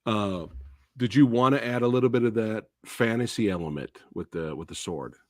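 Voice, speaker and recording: A man's voice: fairly low pitch, normal speed, darkish tone. A man hosting an interview, enthusiastic, mostly giving short agreeing replies. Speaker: host. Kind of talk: casual interview talk.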